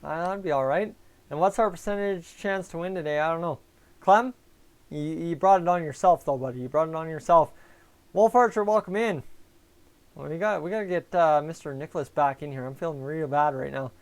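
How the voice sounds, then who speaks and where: A man's voice: a little high, brisk, a little mellow. A young man hosting a live fan stream, chatting casually about the game and answering viewers by name over a headset mic. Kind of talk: casual fan commentary and chat replies.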